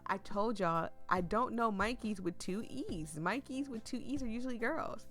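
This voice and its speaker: A woman with a low voice who is losing her voice, reading a visual novel aloud with chatty, anxious asides and frequent stumbles. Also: animated, moderate pace, few pauses, a bit bright, soft background music. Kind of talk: chatty game commentary and narration.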